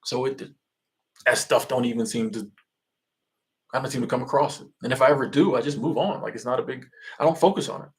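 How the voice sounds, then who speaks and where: A man's voice: mid-range voice, fairly quick, long pauses. Rambling, easygoing man chatting. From Florida. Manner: rambling, loose and chatty with frequent restarts. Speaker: livestream host answering chat. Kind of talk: casual livestream chat.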